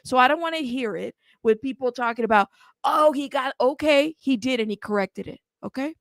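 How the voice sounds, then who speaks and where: An American woman, bilingual in Spanish, hosts a casual true crime stream and talks in an animated, sassy way. Her voice sits fairly high. The sound is dry and close, with no room echo. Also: fairly quick, creaky. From United States. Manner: animated, sassy, frequent laughs. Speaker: true crime channel host. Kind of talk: casual livestream commentary.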